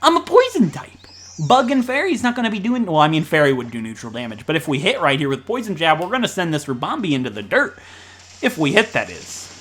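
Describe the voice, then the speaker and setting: A man from Ohio with a Midwestern American accent, rambling and joking fast through casual gameplay commentary. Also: on the high side, big pitch swings, a bit bright, breathy edge. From Ohio, USA. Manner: fast-talking, rambling, jokey. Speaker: let's play commentator.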